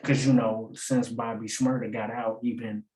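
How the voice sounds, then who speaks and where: Male host, casual lyric-breakdown commentary, mellow tone, echoey room. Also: lowish voice, flat delivery, moderate pace. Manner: explains by repeating lines and asking "get it?"; loose and slangy, laughs at his own points. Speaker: battle rap breakdown host.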